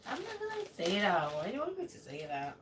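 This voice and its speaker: A woman's voice: a little high, huge pitch swings, quick pace. Chatty woman streaming from her kitchen. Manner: rambling, chatty, reads out viewer comments. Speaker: live-stream cooking host. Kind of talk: casual live-stream chat. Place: home kitchen in the UK. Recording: distant mic with noticeable background noise.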